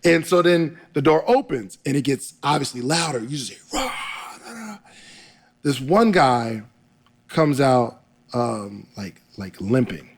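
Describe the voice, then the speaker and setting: Gravelly young man telling a wild story. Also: medium pitch, unhurried. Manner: animated storyteller, laughs often, acts out quotes. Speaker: podcaster guest. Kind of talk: casual storytelling interview.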